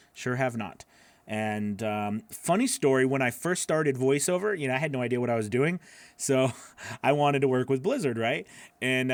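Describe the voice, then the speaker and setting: A man's voice: mid-range voice, dry recording. A man hosting a live voiceover class, answering viewer questions in a loose, chatty way, with lots of fillers and laughing at himself.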